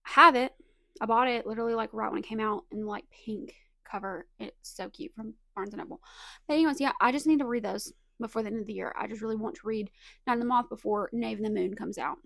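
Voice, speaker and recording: A woman's voice: on the high side, creaky, no room sound, studio quality. A young woman with a slight Southern US accent, chatting nervously and rambling about books in a casual video, full of self-aware asides. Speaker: booktuber. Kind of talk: casual chat.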